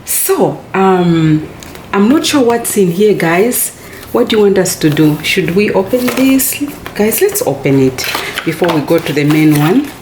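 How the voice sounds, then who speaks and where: A woman with an American accent filming a casual unboxing vlog, gushing with excitement, calling her viewers "guys" and dropping to soft near-whispers as she handles the box. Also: fairly low pitch, measured pace, reverberant, background noise. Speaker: unboxing vlogger.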